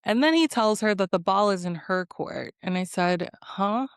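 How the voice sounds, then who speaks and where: A woman's voice: medium pitch, normal speed, clean tone, dry recording, clean studio sound. A woman giving a casual reality show recap, sassy and full of laughs and mocking asides. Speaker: recap host.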